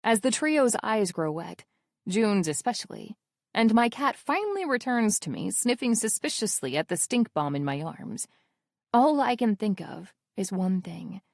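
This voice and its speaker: A woman's voice: mid-range voice, very animated, unhurried, creaky, no echo, studio quality. A woman narrating a romance audiobook in the first person, wry and intimate in her telling.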